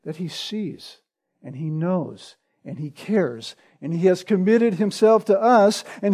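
A man with a noticeably high-pitched voice delivers an expository sermon as pastor. He speaks slowly and earnestly, leaning on repetition for emphasis. He keeps tagging his points with a rhetorical "right?". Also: dark tone. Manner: earnest, rhetorical, frequent "right?" tag questions; slow and deliberate with emphatic repetition.

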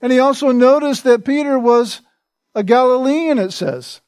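A man preaching an expository sermon in a conversational way, often checking in with his listeners with a quick "right?". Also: very high voice, darkish tone, no echo, studio quality. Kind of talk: sermon, expository Bible teaching.

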